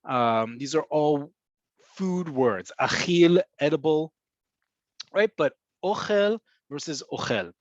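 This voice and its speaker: A man teaching vocabulary in an online language lesson, explaining patiently and repeating words slowly for learners. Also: on the high side, no echo, dull audio. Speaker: Hebrew teacher. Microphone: computer mic on a video call.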